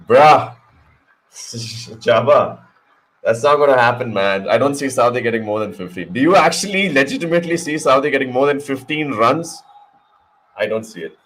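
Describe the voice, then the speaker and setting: A man hosting a casual live cricket watch-along, excitable and joking, cursing freely at the action. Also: medium pitch, husky, low-quality recording. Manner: excitable, swears, jokes. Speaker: live stream host.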